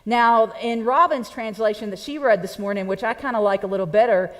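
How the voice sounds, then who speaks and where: A woman's voice: on the high side, a little fast. A woman pastor, preaching a sermon in a conversational, playful way and speaking directly to her congregation. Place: church sanctuary. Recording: long church reverb.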